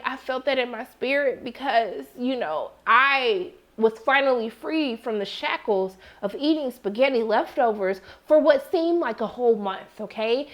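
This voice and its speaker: A young woman reviewing a TV episode in a casual, animated chat, jumping into excited exclamations as she reacts. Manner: animated, expressive, swings into high excited exclamations. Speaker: TV recap reviewer.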